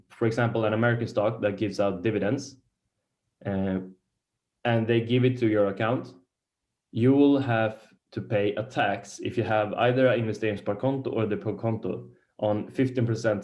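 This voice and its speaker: Man, Swedish native, lecturing beginners in a room; lowish voice, stop-start delivery with restarts. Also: a little mellow. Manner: halting, searches for words, many restarts.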